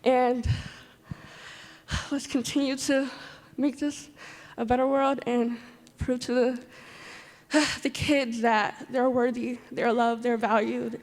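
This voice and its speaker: A woman's voice: a little high, little pitch movement, a little slow, darkish tone. Heartfelt young woman in a big hall. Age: 20s. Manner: heartfelt, repeating words. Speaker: audience member. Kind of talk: emotional public comment. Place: large conference hall.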